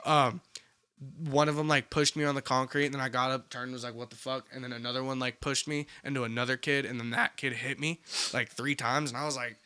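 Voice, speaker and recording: A man's voice: medium pitch, brisk, smooth. A young man telling stories in a casual podcast chat, swearing freely. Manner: animated, swears a lot, slips into voices for quotes. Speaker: podcast co-host.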